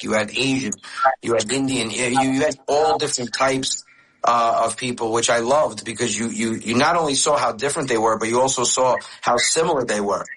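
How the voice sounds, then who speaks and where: A man's voice: fairly low pitch, a bit bright, rough recording. A man in his forties, raised in the United States, talking as a radio interview guest and telling candid stories with many restarts. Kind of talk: casual interview chat.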